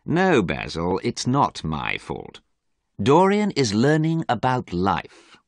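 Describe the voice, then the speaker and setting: A man voicing a witty, teasing aristocratic gentleman who speaks in an amused, persuasive way. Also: fairly low pitch, huge pitch swings, takes it slowly, gravelly, no room sound, studio quality, exaggerated voice.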